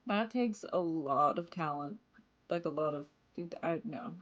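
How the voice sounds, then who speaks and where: Giggly young woman streamer, lively pitch. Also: a little slow, highs cut off. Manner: giggly, laughs often between lines. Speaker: game streamer. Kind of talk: casual live-stream chat, answering chat. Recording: noisy room ambience.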